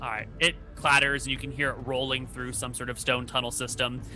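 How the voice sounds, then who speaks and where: A man narrating a tabletop role-play game as game master, in a relaxed, descriptive way. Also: mid-range voice, fairly quick, soft background music.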